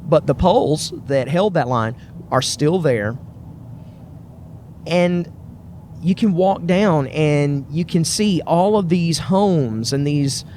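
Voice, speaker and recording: A man's voice: a little high, expressive, slow, darkish tone, slight background noise. A man hosting a podcast, telling a personal story in a casual, enthusiastic and rambling way, often repeating himself and restarting phrases. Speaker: podcast host.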